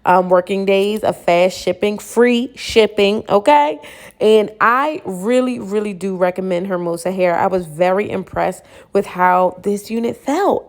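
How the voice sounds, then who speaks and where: A grown woman vlogger reviewing a wig in casual, slangy chat, playful and animated as she talks straight to her viewers. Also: mid-range voice, moderate pace. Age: adult, not young. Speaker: beauty vlogger reviewing wigs. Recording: echoey room.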